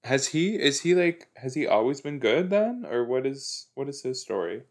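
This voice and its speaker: A man's voice: mid-range voice, sing-song, moderate pace. A young man casually chatting and mocking a TV show, recording while lying down. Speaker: podcast host reacting to a TV episode. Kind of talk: casual chat. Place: lying down at home.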